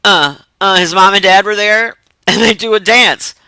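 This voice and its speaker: Dude rambling thru a movie plot, swears a lot, bright voice, dry sound. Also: male voice, high voice, measured pace, smooth, no echo, low-quality recording. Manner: rambling, profane, laughs often. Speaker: movie reviewer. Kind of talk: casual film recap.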